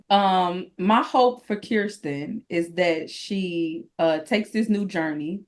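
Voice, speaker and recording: A middle-aged mother answering interview questions, thoughtful and halting. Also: lowish voice. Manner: thoughtful, halting, with fillers and soft laughs. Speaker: guest, mother.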